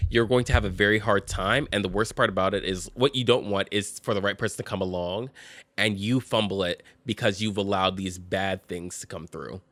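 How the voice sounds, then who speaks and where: A man hosts a show reacting to relationship posts on Reddit, delivering casual commentary with plenty of sass. He's animated, breaking into high-pitched laughter and mocking voices, and the recording has no room sound.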